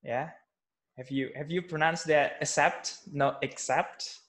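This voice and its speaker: A man's voice: a little high, fairly even intonation, measured pace, fairly bright tone. A man teaching English pronunciation in an online class over a video call, patient and hesitant, with many fillers and restarts.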